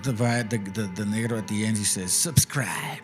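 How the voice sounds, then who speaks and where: A podcast host with a lowish, slightly rough voice chats casually and briskly over soft background music. He is blunt, animated and swears a lot.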